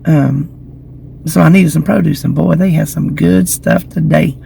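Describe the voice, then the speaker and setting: A slightly hoarse woman, chatting to her phone camera outdoors in the shade and telling gossipy stories. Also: deep voice, steady tone, measured pace, dark tone, a little hiss or hum, low-quality recording. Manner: chatty, gossipy storytelling with giggles. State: slightly hoarse from lingering illness. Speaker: vlogger. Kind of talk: casual chat to camera. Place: outdoors in the shade beside a building.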